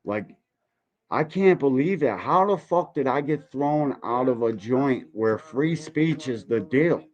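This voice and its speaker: A man's voice: mid-range voice, expressive, unhurried, a little mellow, highs cut off. Man ranting profanely on a boxing stream. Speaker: podcast host reacting to boxing videos. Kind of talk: casual live-stream commentary.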